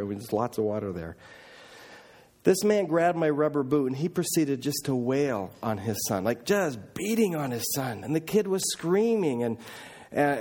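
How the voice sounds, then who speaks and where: A middle-aged man preaching a sermon as a missionary, telling stories earnestly and emphatically, often dropping quiet and then rising again. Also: a little high. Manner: earnest, emphatic, with restarts and swings from loud to quiet. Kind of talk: sermon storytelling.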